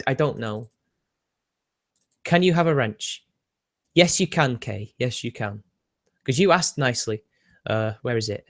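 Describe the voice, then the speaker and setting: Here a British livestream host with a medium-pitched voice chats casually with his viewers. He's laid-back and talkative, answering questions from the chat with a sardonic edge and frequent laughter.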